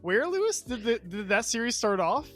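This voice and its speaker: A man's voice: very high-pitched, very animated, normal speed, fairly bright tone, dry recording, faint music behind. A male podcast co-host in casual gaming chat, rambling and enthusiastic, laughing often.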